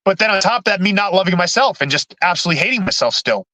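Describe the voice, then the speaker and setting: A man, a podcast guest, telling his own story in a halting way, with many restarts and repeated words. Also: high voice, expressive, bright, forceful tone, no room sound, poor audio. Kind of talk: candid personal storytelling.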